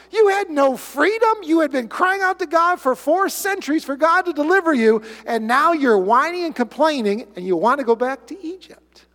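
A male pastor preaching a sermon in an animated way, with sarcastic asides. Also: very high-pitched, normal speed, few pauses. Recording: long hall reverb.

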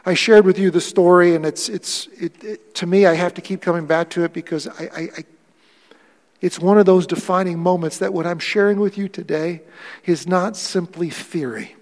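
A man in his forties preaching a sermon in a large auditorium. He tells a personal story quietly, then builds to impassioned preaching. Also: high voice, fairly even intonation, moderate pace, long reverb tail. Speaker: pastor.

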